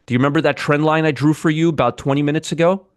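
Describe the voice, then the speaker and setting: A man's voice: a little high, fairly even intonation, racing, no room sound, studio quality. A man hosting a live trading show, giving blunt, sarcastic market commentary and bantering with chat viewers. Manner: blunt, swears freely.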